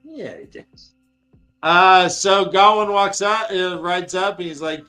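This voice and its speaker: A man co-hosting a casual podcast and retelling a story, acting out its characters in quick, profane, jokey asides. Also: high-pitched, steady tone, pushed and bright, soft background music. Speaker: podcast co-host recapping a book.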